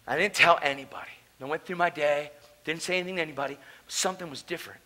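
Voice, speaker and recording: Male conference speaker, high bright voice, casual slangy preacher delivering a testimony with big jumps from shouts to near-whispers. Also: fast talker, poor audio. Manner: animated, swings between loud outbursts and hushed asides. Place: conference hall, live audience.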